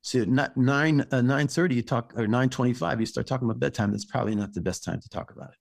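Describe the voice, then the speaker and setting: Gravelly man giving halting parenting advice. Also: medium pitch, no echo. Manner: halting, repeats and restarts words, gentle advice. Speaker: rabbi and parenting guest. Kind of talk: casual podcast conversation.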